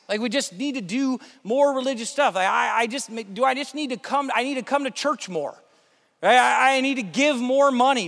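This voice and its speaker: A man preaching a sermon as pastor, in a conversational, animated way with plenty of fillers. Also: very high-pitched, moderate pace, in a large hall.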